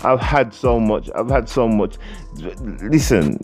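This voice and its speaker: A man's voice: mid-range voice, animated, unhurried, darkish tone, soft background music. A British man giving a profane, repetitive, confrontational rant for a video commentary. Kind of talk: ranting vlog commentary.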